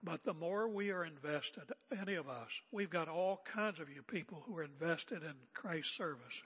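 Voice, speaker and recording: An older man preaching a sermon as pastor, seated and speaking in a calm, conversational way with rhetorical questions. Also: on the high side, normal speed, breathy edge, big-room sound. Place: church sanctuary. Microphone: seated at pulpit area mic.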